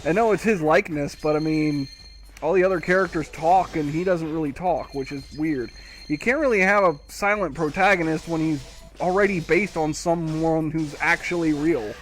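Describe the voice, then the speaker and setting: A man's voice: a little high, moderate pace, a bit bright, faint music behind. A man streaming a video game live, rambling to himself with wry, casual commentary as he plays. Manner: rambling, self-talking, wry.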